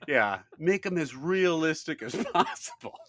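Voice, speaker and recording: Young man, podcast co-host, bright lively voice, dry close sound, laughs a lot. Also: on the high side, a little slow, dry recording. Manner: animated storyteller, laughs often. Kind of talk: casual chat, storytelling.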